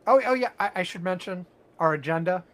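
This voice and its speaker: A man's voice: high-pitched, expressive, a little fast. Dry, matter-of-fact male podcast host. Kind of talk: casual chat.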